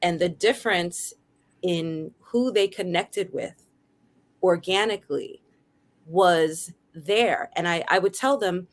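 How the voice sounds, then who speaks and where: Earnest woman host, slightly low voice. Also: slow. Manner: earnest, keeps checking in with "right?". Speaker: radio show host. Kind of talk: casual discussion.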